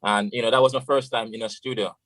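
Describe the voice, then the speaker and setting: A man's voice: medium pitch, steady tone, quick pace, fairly bright tone, no room sound, poor audio. A Jamaican man, a radio guest, tells a long story in a loose, casual way, slipping into patois and saying "you know" often. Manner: rambling, full of "you know" and patois phrases.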